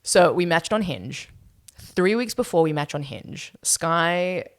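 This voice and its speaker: Chatty woman telling stories. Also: on the low side. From Australia. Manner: animated storyteller, quick asides, frequent laughs. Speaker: podcast co-host. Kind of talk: casual chat.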